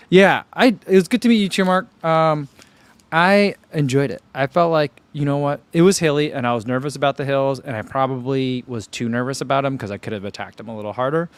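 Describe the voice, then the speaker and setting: A man's voice: on the high side, fairly quick, smooth, no echo. A man hosting a running channel, chatting casually on a livestream, rambling in an easygoing way with many fillers while reading viewer comments. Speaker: running channel host reading live chat.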